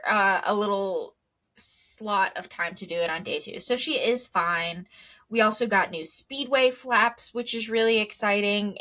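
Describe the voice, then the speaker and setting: A woman's voice: medium pitch, sharp tone. A young woman co-hosting a casual podcast, rambling with lots of ums and wry asides. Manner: rambling, filler-heavy, wry. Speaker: podcast co-host. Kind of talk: casual chat.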